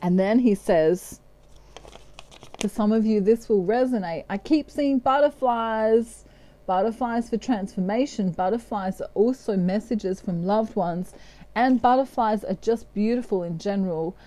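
Speak as an Australian woman giving a tarot reading, relaxed and unhurried, with a soft, mellow tone. She is chatty and upbeat, and she lets herself wander off topic as she talks to her viewers. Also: medium pitch, low-quality recording. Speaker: tarot reader.

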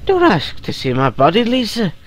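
A man voicing a doomed man's farewell letter in a put-on Irish accent that drifts toward Scottish, read slowly and gravely. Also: sits high, wildly swooping pitch, slight background noise, voice pushed up. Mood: grim. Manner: slow, grave reading aloud.

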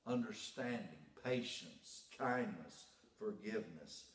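Folksy preaching pastor in an echoey church. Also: male voice, on the low side, animated, slow. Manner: folksy storytelling, rising to preaching emphasis. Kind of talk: sermon. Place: church sanctuary.

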